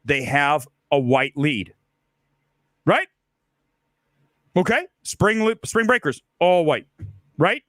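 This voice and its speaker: A heated middle-aged man rants through a film commentary monologue, firing off repeated rhetorical questions. His voice sits high and swoops widely. The sound is dry and close, with no room around it. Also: big pitch swings, takes it slowly, pauses often, a bit bright, dry recording. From Ohio. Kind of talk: ranting monologue.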